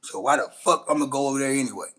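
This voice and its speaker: Blunt husky man ranting. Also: mid-range voice, rapid-fire, fairly bright tone, rough recording. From Shreveport, Louisiana, USA. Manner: blunt, profane, rambling with restarts. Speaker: livestream host. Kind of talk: casual livestream rant.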